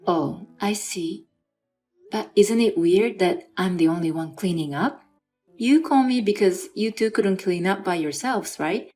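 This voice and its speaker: A woman's voice: medium pitch, unhurried, dark tone, soft background music, close to an everyday voice. A woman reading an exasperated, sarcastic wife. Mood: incredulous. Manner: incredulous and sarcastic. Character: young wife with an injured arm, exasperated. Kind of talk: dramatized story reading.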